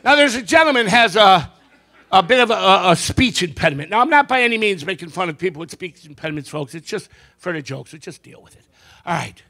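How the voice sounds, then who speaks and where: Man, comedy magician on stage, high bright voice, punchy joke timing, stage mic. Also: expressive, quick pace. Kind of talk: stand-up joke telling on stage.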